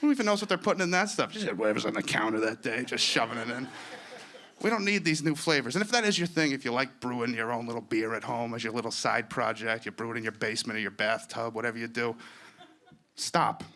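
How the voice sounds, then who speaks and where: A man doing a stand-up set on a comedy stage, self-deprecating and profane, telling his stories in an animated way. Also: mid-range voice, a little fast. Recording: live set with clear background noise.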